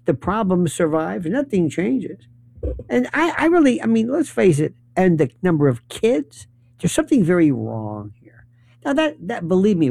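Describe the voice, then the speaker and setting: A man's voice: on the high side, vocal fry, mellow, no echo. A man giving a sarcastic commentary monologue, acting out the voices of the people he quotes.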